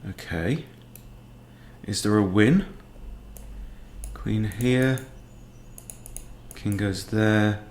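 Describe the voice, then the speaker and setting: A man, a chess coach thinking aloud in a relaxed, understated way as he plays a fast game. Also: on the low side, slight background noise. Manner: muttering, understated, self-talking. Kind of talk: thinking aloud while playing blitz chess.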